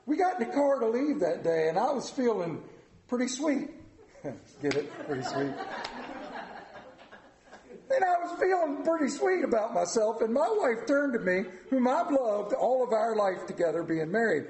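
A man preaching a sermon, telling stories dramatically with big swings in pitch and loudness. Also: very animated, moderate pace. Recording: echoey room.

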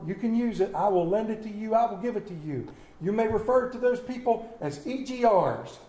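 Male pastor preaching an impassioned sermon, voice fairly high for a man, swinging between loud and hushed lines. The sound comes from an echoey church sanctuary with a roomy ring.

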